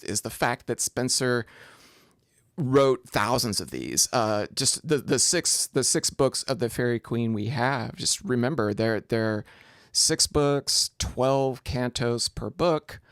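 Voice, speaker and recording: A man's voice: mid-range voice, a bit bright, no echo, clean studio sound. A man lecturing on poetry in a recorded video lesson. He explains step by step and often restarts his phrases. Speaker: literature lecturer.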